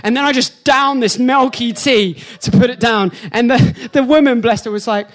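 Here a man who pastors a church is preaching, weaving in stories from his own life with playful, animated responses. When he reacts, his voice jumps up high and excited; when he makes the spiritual point, he eases off and speaks softly.

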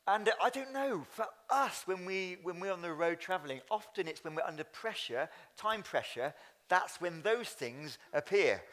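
A man's voice: high-pitched, lively intonation, normal speed, fairly bright tone. A man who is a church leader, preaching a sermon at a Sunday service in a chatty way, speaking straight to the congregation. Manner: chatty, addresses congregation directly.

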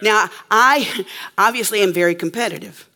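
A woman's voice: mid-range voice, moderate pace, sharp tone. A woman preacher telling a story in a sermon to a live audience, emphatic and checking in with her listeners often.

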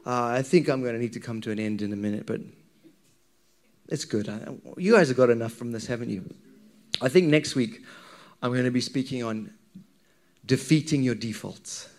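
A man's voice: medium pitch, normal speed, pauses often. A man preaching a sermon to his congregation, talking in a candid, conversational way and often checking in with the listeners. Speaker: pastor.

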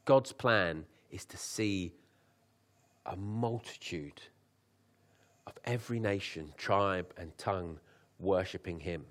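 A young man preaching in a loose, conversational way, with a fairly low voice. He breaks into jokes, then slows right down and lifts his voice to read scripture. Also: fairly bright tone. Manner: conversational, laughs at his own asides; reads scripture slowly with lifted emphasis. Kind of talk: sermon.

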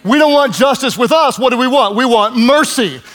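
High-voiced pastor in his fifties. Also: normal speed. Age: 50s. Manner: animated storytelling with self-mocking humor. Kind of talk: sermon.

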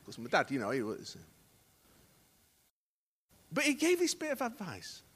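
His voice is high-pitched and husky, wildly swooping in pitch, and a little slow. A middle-aged man serving as associate pastor, he preaches in a church hall, narrating stories and acting out dialogue from hushed to loud.

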